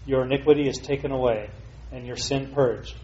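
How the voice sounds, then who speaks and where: Male reader, slow measured scripture reading, warm dark tone, lo-fi dull sound. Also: medium pitch, fairly even intonation.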